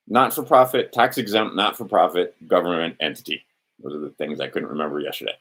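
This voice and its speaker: The host of an instructional video speaks in a low, slightly bright voice at a somewhat fast clip. His informal talk has him thinking aloud, leaving sentences unfinished, starting again and acting out quoted dialogue.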